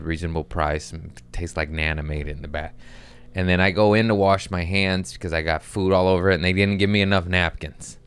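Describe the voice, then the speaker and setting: A man's voice: low voice, fairly bright tone, smooth. A man who is a comedian hosting his podcast, ranting in an exasperated, profane way with comic timing. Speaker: podcast host.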